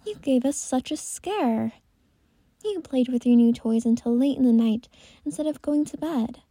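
A stern but caring mother scolds her child slowly and firmly, as a woman reads her aloud. The voice is breathy and deeply mellow, and it sounds close and dry. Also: dry recording. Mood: scolding.

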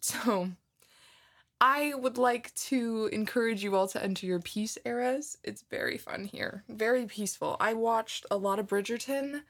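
A twenty-year-old woman chatting casually to her listeners, telling a story in an animated way and swearing freely. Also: a little high, unhurried. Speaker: audio creator chatting with listeners. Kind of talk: casual rambling chat.

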